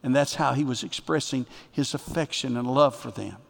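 A man preaching a sermon as pastor, with emphatic delivery that swings from loud bursts to quiet asides. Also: mid-range voice, moderate pace, vocal fry. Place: church sanctuary. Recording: long reverb of a church hall.

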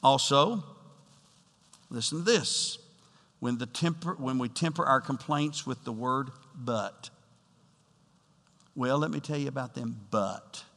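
Bright-voiced man preaching in an echoing hall. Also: mid-range voice, slow, creaky, pauses often. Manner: preaching with rising emphatic bursts and direct address. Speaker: pastor. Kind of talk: sermon.

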